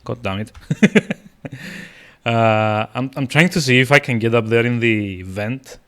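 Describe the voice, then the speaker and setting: A man's voice: mid-range voice, a little slow, fairly bright tone. A man streaming a video game, rambling with lots of fillers and restarts as he plays. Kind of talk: casual gameplay commentary.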